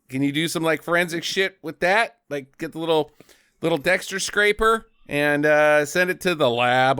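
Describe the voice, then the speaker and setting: A man's voice: on the high side, pushed and bright, clean tone, no room sound, studio quality. A man co-hosting a casual movie podcast, recapping the plot in a jokey, profane way and slipping into silly voices. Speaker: podcast co-host.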